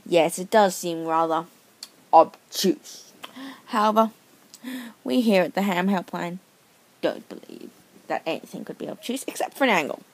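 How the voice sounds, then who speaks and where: Woman doing a smarmy polite phone operator, sir this sir that, deadpan, comedy sketch. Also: fairly low pitch, moderate pace, long pauses. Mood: smug. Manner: overly polite, keeps saying sir. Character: deadpan male helpline operator, smugly polite.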